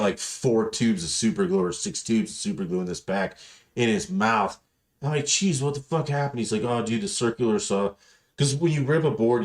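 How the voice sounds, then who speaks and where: A man hosting a podcast, telling rambling, profane stories in casual chat and acting out the people in them. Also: lowish voice. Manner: rambling, profane, animated storytelling with voiced quotes. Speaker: podcast host.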